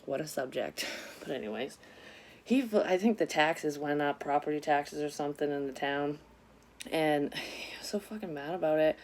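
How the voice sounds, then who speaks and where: A woman's voice: sits low, expressive, moderate pace, darkish tone. A woman vlogger telling a personal story in a casual, rambling way, swearing often and drifting onto side topics. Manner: rambling, frequently sidetracked; swears often, frank and confessional. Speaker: psychic medium vlogger.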